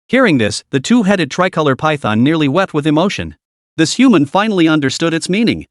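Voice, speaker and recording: A man's voice: fairly high pitch, big pitch swings, fairly quick, no room sound, clean studio sound. A man narrating a recap story in a dramatic, scripted style.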